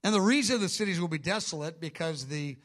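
A male preacher delivering a sermon with a fairly high voice. He teaches in a casual, conversational way, then drives points home with sudden emphatic bursts. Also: animated, quick pace, a bit bright.

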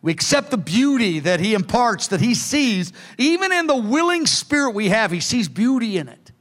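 A man preaches a sermon, his voice sitting high for a man. He speaks earnestly and pleads with his listeners, now and then acting out quoted words with a lift in pitch. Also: big pitch swings, normal speed, fairly bright tone. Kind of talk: sermon teaching from notes.

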